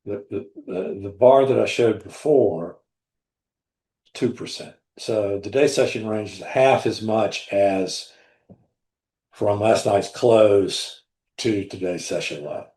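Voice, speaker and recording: A man hosting a live trading room, talking through charts in a deliberate, blunt way and often repeating himself. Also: on the low side, dark tone. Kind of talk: live market commentary over charts. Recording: roomy echo.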